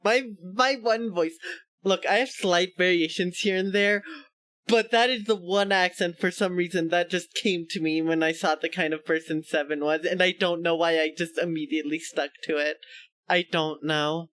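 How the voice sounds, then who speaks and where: A man's voice: high voice, fairly even intonation, moderate pace, a bit bright, no room sound, studio quality. A male streamer chatting casually with his viewers, laughing often and poking fun at himself. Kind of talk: casual live-stream chat.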